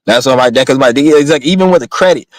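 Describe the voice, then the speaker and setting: Young guy ranting fast, swearing a lot, kinda rambly, dry close sound. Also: mid-range voice, no room sound, rough recording. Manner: profane, rambling, blunt. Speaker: vlogger. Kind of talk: casual rant.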